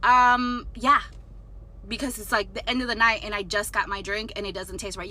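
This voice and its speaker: A young adult woman telling a storytime story in an animated, indignant way, swearing now and then. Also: medium pitch, moderate pace, a little hiss or hum. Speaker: storytime vlogger. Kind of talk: casual storytelling.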